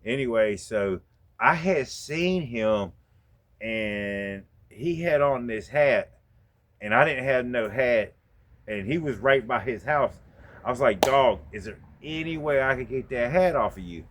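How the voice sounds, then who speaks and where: A man hosting a podcast, telling a story in a casual, profane way and getting animated as he acts out the exchanges. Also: mid-range voice, measured pace. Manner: profane, laid-back, animated when retelling. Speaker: podcast host.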